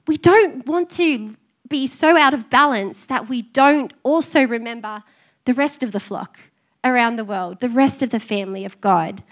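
A woman pastor delivers a sermon in a high, light voice. She is middle-aged and speaks earnestly and conversationally, drawing on personal anecdotes as she addresses the congregation. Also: a bit bright.

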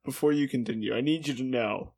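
A co-host making slow, dry interjections in casual chat. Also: mid-range voice, creaky, darkish tone, breathy edge. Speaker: co-host listening.

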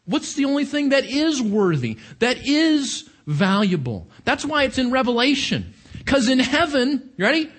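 A man's voice: extremely high pitch, very animated, moderate pace, fairly bright tone. A man preaching a sermon, questioning his congregation and stressing his points. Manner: questioning the audience, emphatic.

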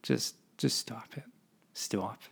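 A man's voice: mid-range voice, moderate pace. A man, hosting a solo podcast and rambling between topics in a self-deprecating way. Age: 20s. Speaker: podcast host.

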